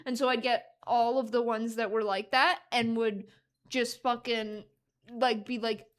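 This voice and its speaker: Young woman, high voice, from canada, podcast co-host, casual chat, animated storytelling, swears a lot. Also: unhurried.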